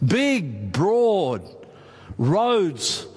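Australian man, sermon, fairly high voice, long hall reverb, emphatic, talks to the crowd. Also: huge pitch swings, drawn-out words, husky. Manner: emphatic, conversational, addresses audience directly. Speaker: preacher. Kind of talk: sermon on Bible prophecy. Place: meeting hall with audience.

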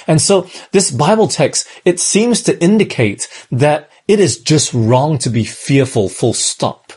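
A man's voice: on the high side, lively intonation, a little slow, few pauses, a little mellow, husky. A man from Australia, preaching a sermon in a conversational way and often checking in with the listeners. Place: church in Malaysia.

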